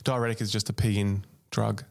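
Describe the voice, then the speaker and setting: A man co-hosting a science podcast, with a low voice and a gravelly, fried edge. He is dry and matter-of-fact. He chips in short remarks and clear explanations. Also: flat delivery, a little fast. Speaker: podcast co-host. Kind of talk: casual educational chat.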